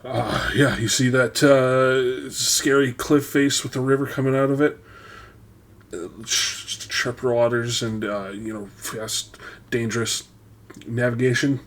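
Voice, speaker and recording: A man's voice: mid-range voice, level tone, unhurried, fairly bright tone. A man playing a tabletop game as a ship captain, upbeat and enthusiastic. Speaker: player.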